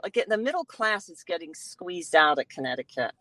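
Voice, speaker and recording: A woman's voice: on the low side, sing-song, moderate pace, bright, forceful tone, no echo. A woman guest on a podcast, telling rambling anecdotes in casual chat.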